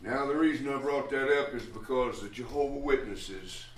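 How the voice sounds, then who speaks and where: A man's voice: medium pitch, moderate pace, slight background noise. A man preaching a sermon, teaching a Bible passage in a folksy, rambling way with restarts and chuckles. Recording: echoey room, voice from a distance.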